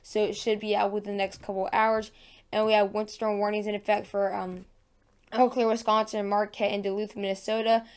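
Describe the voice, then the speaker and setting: In her just-woken morning voice, a woman hosts a casual weather forecast vlog for her weather channel. Her medium-pitched voice is clear and resonant, with a flat, slightly fast delivery, and she's chatty, full of fillers and self-corrections.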